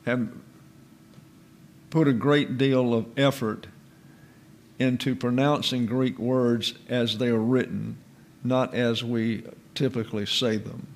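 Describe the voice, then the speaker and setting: A man teaching a Bible doctrine lesson, carefully explaining how Greek words are pronounced and repeating terms with precision. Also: mid-range voice. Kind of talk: slow teaching sermon with Greek word study.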